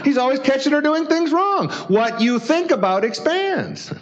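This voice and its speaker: Chuckling man with an animated voice. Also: very high-pitched, normal speed. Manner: casual and chuckling, acts out little dialogues. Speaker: author and speaker. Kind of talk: live motivational talk. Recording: dull lo-fi recording.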